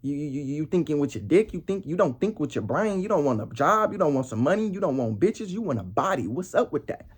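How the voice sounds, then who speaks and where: A man's voice: fairly high pitch, sing-song, quick pace, hardly any pauses, slightly rough. A young man vlogging a heated, casual story in street slang, ending lines with "bro" and "nigga".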